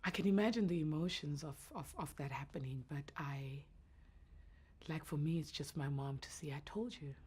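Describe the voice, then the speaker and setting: A woman in her thirties with a naturally deep voice, talking earnestly and reflectively as a guest in an interview. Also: moderate pace, dark tone, breathy edge. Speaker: entrepreneur guest. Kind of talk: emotional interview answers.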